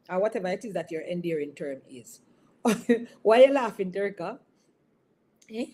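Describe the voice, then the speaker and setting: A woman's voice: mid-range voice, animated, moderate pace, darkish tone. A woman giving an informal sermon on marriage, teasing listeners by name and often asking whether they understand. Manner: conversational, teasing audience members by name, frequent tag questions. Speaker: bishop. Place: online service broadcast.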